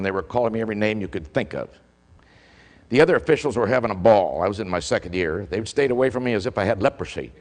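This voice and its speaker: Older man telling a story in a big hall. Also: fairly low pitch. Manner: animated storyteller, acts out shouted calls. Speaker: keynote speaker, former football official. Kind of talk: storytelling speech. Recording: long hall reverb.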